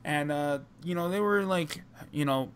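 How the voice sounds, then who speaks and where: Bright, clear-voiced Jersey man rambling. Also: fairly high pitch, normal speed. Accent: New Jersey. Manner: rambling, many fillers and restarts. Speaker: podcast co-host. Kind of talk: casual storytelling chat.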